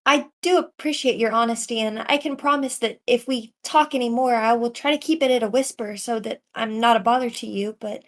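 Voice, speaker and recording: A woman's voice: on the high side, steady tone, a little fast, few pauses, fairly bright tone, lightly acted. A woman playing an earnest, socially awkward young female adventurer who talks politely and apologizes a lot. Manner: polite, eager, overly apologetic.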